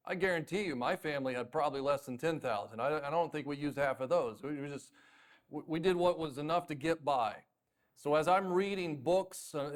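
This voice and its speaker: Animated pastor from North Carolina. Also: male voice, fairly high pitch. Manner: storytelling, self-deprecating, animated with mock voices. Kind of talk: sermon.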